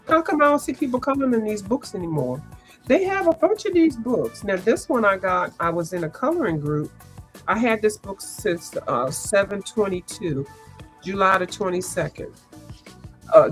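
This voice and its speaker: A woman, chatting casually and rambling as she hosts a coloring livestream, sounding congested and clearing her throat. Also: fairly low pitch. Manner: chatty, rambling, lots of asides and restarts. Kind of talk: casual chat.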